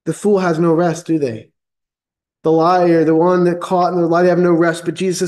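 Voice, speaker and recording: Guy pastor preaching, pretty high voice, reads a verse then keeps repeating the point for emphasis. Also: moderate pace, darkish tone, low-quality recording. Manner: reads scripture aloud, then expounds with emphatic repetition. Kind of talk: sermon.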